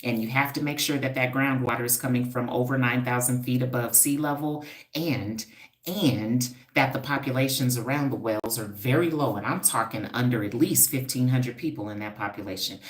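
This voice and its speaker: A woman's voice: a bass voice, moderate pace, echoey room. A woman hosting a casual livestream, talking straight to her viewers in an emphatic, preachy way, repeating points for effect. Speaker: livestream host, hair stylist and wellness coach.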